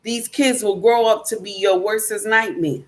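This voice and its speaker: A woman's voice: mid-range voice, steady tone, moderate pace. A woman hosting a casual livestream, reading out chat comments and lecturing emphatically, repeating her points and calling listeners baby and my dear. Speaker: live stream host reading chat.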